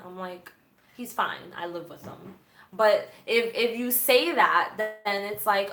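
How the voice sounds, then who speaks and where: A woman hosting a livestream, chatting candidly about her past in a church group and reading viewer comments aloud, with a sarcastic, animated way of telling stories. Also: mid-range voice, moderate pace, roomy sound, a little hiss or hum.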